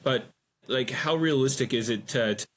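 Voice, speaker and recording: A man's voice: medium pitch, normal speed, a little hiss or hum. Man explaining things point by point. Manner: orderly, explains in lists. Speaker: podcast co-host. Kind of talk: casual business chat.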